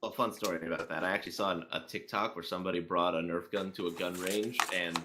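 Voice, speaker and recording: A man co-hosting a casual political commentary chat, often pausing with fillers as he reads through numbers. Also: deep voice, steady tone, noisy background. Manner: reads out statistics haltingly, many fillers. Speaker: co-host.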